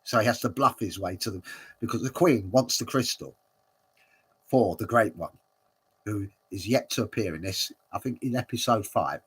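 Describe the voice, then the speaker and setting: A man's voice: fairly low pitch, moderate pace, fairly bright tone, breathy edge. Rambling man giving casual commentary. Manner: rambling, many fillers, chuckles often. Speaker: watch-along host.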